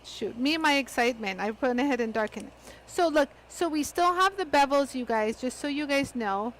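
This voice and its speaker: A woman hosting a live craft demonstration, chatty and excitable, talking straight to her viewers as she works. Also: high voice, a little fast, slight background noise, low-quality recording. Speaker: host of a live lapidary demo.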